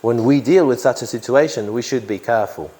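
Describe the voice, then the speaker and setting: A man's voice: mid-range voice, fairly quick, dark tone. A man teaching an English grammar lesson to a class, who repeats key phrases and often checks in with "yeah?".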